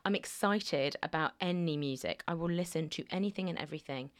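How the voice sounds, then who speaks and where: A woman's voice: low-pitched, a little fast. Chatty woman singer from Alderney. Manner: chatty, animated storyteller who slips into impressions. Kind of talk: casual chat.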